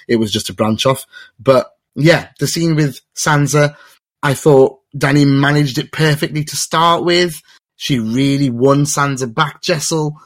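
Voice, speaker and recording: Guy hosting a tv review chat, rambly and excited, says stuff twice, dry sound. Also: medium pitch, no room sound. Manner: excitable, rambling, repeats himself. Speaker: host.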